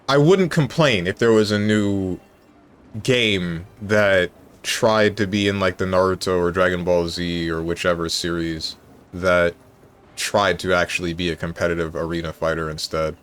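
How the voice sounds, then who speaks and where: A man's voice: low voice, fairly even intonation, measured pace, clear, resonant tone. A male streamer chatting casually on a live stream, thinking aloud and correcting himself as he goes.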